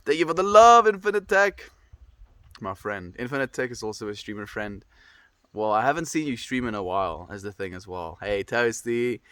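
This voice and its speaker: A man's voice: fairly low pitch, bright, forceful tone, no echo. A young man with a stuffy nose chatting casually on a livestream, rambling and reflective as he greets viewers.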